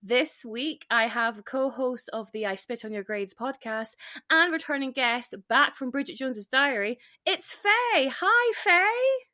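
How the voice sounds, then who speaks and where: A woman's voice: sits high, lively intonation, measured pace, sharp tone. A woman with a light Scottish accent hosting a casual podcast chat, chatty with lots of fillers and frequent laughs. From Scotland. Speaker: podcast host. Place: home.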